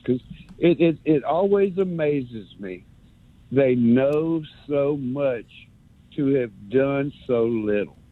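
A man's voice: mid-range voice, slightly rough, no echo. A man calling in to a radio sports show, rambling and sarcastic, stumbling over his words. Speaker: radio caller. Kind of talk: rambling call-in rant. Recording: muffled phone line.

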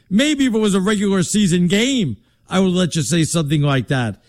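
A brash man trades jabs in a casual sports debate, his voice sitting a touch high. He talks in an emphatic, mocking way, like a host who calls himself an entertainer. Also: lively intonation, fairly quick, a little mellow. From Connecticut.

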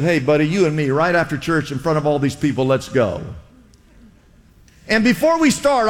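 A man's voice: sits high, in a large hall. A male pastor preaching a sermon in a church, with impassioned exhortations and lots of repetition.

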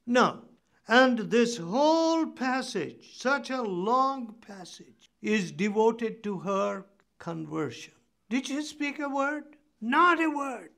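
Male preacher, high-pitched and gravelly, unhurried, emphatic sermon delivery with rhetorical questions. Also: lively intonation, fairly bright tone.

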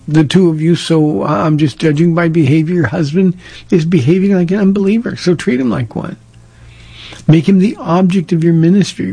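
A gravelly man with a somewhat higher voice, a pastor from Southern California answering listener questions. He talks plainly and directly and draws on stories from his life. The tone is dark and husky. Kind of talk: casual call-in advice talk.

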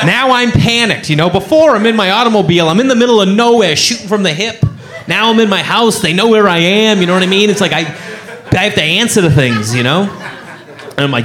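A man doing a stand-up set on a club stage, telling a story and acting out the people in it with lively, jumping delivery. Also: a little fast, a crowd in the background. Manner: animated storyteller, acts out voices, big pitch jumps. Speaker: stand-up comedian. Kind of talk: stand-up set and crowd work.

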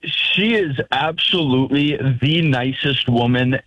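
A male caller with a medium-pitched voice speaks earnestly, with small hesitations. His voice sounds dry and close. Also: no room sound, highs cut off. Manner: earnest, a little halting. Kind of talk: phone-in call.

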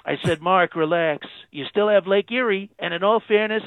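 A man's voice: sits high, moderate pace, dry recording. A man doing an impression of a boastful male president, calling in by phone, bragging and repeating phrases for emphasis. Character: boastful brash male president, self-praising. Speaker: phone-in guest. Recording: tinny phone line.

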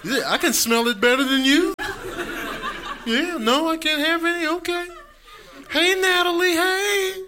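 A man voicing a hungry pet dog that begs sweetly and pitifully at the dinner table, in a high wheedling voice. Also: measured pace, long pauses, pushed and bright, exaggerated voice. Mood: pleading.

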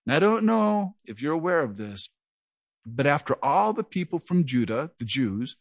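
A man's voice: on the high side, big pitch swings, moderate pace, dry recording. A middle-aged man preaching an earnest verse-by-verse Bible teaching, with a slight stutter. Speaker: pastor. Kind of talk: sermon.

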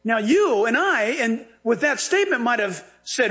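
A male pastor preaching a sermon in a lively, humorous way, acting out the dialogue he tells. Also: extremely high pitch, normal speed, hardly any pauses.

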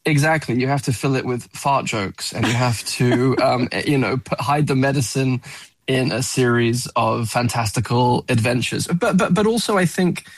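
A man's voice: mid-range voice, normal speed, dry recording, rough recording. A man, a film actor, talking earnestly in a radio interview, often repeating words as he searches for them.

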